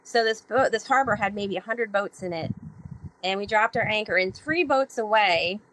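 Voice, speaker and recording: A woman's voice: medium pitch, normal speed, a little hiss or hum, low-quality recording. Chatty woman sharing sailing stories. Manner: chatty, with many fillers; animated when she acts out past dialogue. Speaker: podcast guest, sailor and author. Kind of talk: casual storytelling interview.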